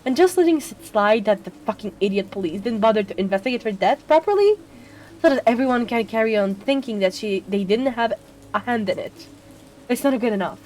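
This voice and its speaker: A woman's voice: on the high side, animated, a little fast, darkish tone, natural voice. A woman voicing an angry young woman in a video game, ranting bitterly about her hometown. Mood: furious.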